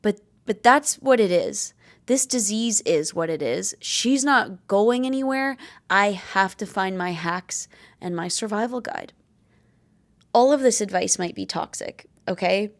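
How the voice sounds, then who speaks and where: A young adult woman vlogger talks to the camera with candid, blunt advice on living with chronic illness, swearing freely and stressing her points. Her medium-pitched voice is animated and unhurried.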